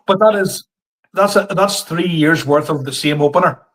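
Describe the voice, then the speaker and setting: An easygoing man in his thirties with a slightly higher voice. He co-hosts a casual comedy podcast, agrees readily, and is quick to laugh. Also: a bit bright. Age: 30s. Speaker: podcast co-host and stand-up comedian. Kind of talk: casual chat.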